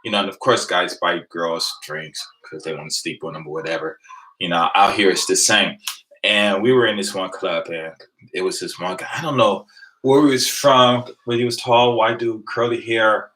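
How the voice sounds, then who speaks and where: A man, casually telling a rambling, animated story to his live viewers and laughing along the way. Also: low voice, moderate pace, low-quality recording. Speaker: vlogger on a live stream.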